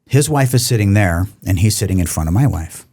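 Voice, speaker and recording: A man, a podcast guest, telling a long personal story in an animated, profane way, often repeating words. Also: fairly low pitch, a little fast, dry recording. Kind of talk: casual storytelling.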